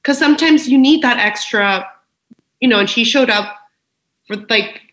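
A woman's voice: fairly high pitch, moderate pace, a bit bright. A woman speaking as a podcast guest in a frank, emotional, personal conversation, swearing freely. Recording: roomy echo.

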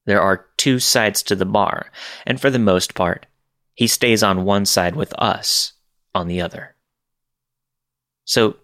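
Low-voiced man narrating scary stories. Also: takes it slowly, pauses often, fairly bright tone.

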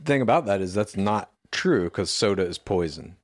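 Dry, teasing man with a lively low voice. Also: moderate pace. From American Midwest. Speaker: podcast co-host. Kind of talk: casual comedic banter.

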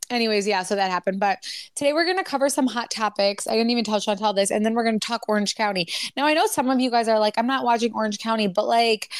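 A woman's voice: fairly high pitch, smooth, dry recording, studio quality. A woman in her thirties co-hosting a pop culture podcast, talking in a chatty, rambling way full of fillers. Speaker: podcast co-host. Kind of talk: casual chat.

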